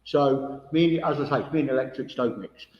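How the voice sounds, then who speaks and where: A man's voice: medium pitch, normal speed. A man, a spiritualist medium giving a chatty, direct demonstration to an audience in a village hall, with no microphone. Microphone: no microphone, room recording. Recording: echoey hall, dull, no microphone.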